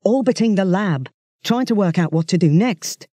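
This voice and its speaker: A man's voice: high voice, expressive, normal speed, warm tone, no room sound. A man voicing an android posing as a young man, speaking in a wooden, expressionless way. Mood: flat insistent.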